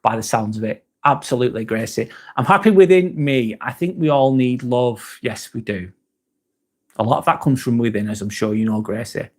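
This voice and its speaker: A man's voice: medium pitch, moderate pace. A man hosting a live stream, chatting casually, reading viewer comments aloud and swearing now and then.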